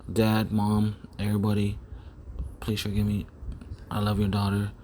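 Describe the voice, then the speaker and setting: A man's voice: fairly low pitch, completely flat delivery, normal speed, dark tone, slight background noise. A man preaching in a rambling monologue, often repeating words, speaking close to the microphone. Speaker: self-styled preacher.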